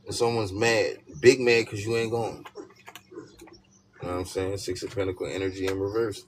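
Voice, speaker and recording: A man's voice: lowish voice, normal speed. Emphatic man reading tarot, noisy birdsong backdrop. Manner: repetitive, emphatic, peppered with "you know what I'm saying". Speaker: tarot reader. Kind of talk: casual spoken tarot reading. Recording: steady background noise with birdsong.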